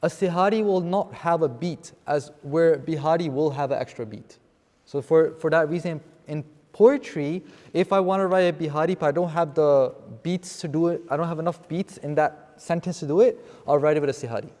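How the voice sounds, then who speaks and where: A man's voice: on the high side, fairly quick, a little mellow. A man teaching a seminar on scripture vocabulary to a live class, explaining terms and often checking with "okay?". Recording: long reverb in a hall.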